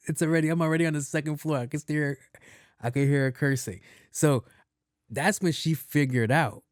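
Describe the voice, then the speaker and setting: A man hosting a podcast, telling a story in a casual monologue, animated, slangy and profane. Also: fairly high pitch, normal speed, no room sound, clean studio sound. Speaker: podcast host.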